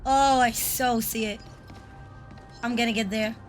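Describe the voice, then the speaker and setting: A woman streamer giving live game commentary, excitable and profane, blurting out reactions. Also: a little high, measured pace, music in the background.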